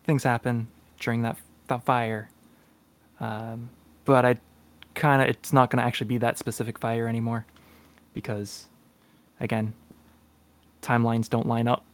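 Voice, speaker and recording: A man's voice: mid-range voice, level tone, normal speed, long pauses. A man co-hosting a casual podcast chat, hesitant with lots of fillers, often laughing. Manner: hesitant, many ums and uhs, laughs often. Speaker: podcast co-host and player.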